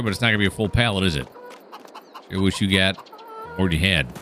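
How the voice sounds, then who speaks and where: Deep-voiced man rambling over gameplay. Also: fast talker, pauses often, bright, forceful tone, a little hiss or hum. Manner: rambling self-talk, chatting to the game animals. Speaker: gaming channel host. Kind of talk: casual gameplay commentary.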